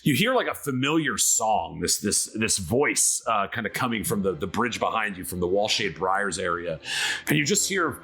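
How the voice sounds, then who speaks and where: A man's voice: fairly low pitch, normal speed, husky. A man narrating a tabletop game as game master, casual and full of fillers. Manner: casual, filler-heavy, lively storytelling.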